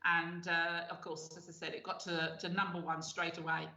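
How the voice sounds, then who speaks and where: Chatty middle-aged lady host, bright tense voice, kinda echoey lo-fi. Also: fairly low pitch, little pitch movement, normal speed. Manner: chatty, laughs often, frequent fillers. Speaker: radio show host. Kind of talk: casual chat. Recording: echoey, dull lo-fi sound.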